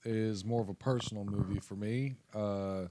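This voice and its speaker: A man co-hosting a casual movie podcast, speaking earnestly and in a measured way about films that mean a lot to him. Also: on the low side, fairly even intonation, mellow, no echo. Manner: earnest and measured, with fillers and restarts. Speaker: podcast co-host. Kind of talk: casual movie ranking chat.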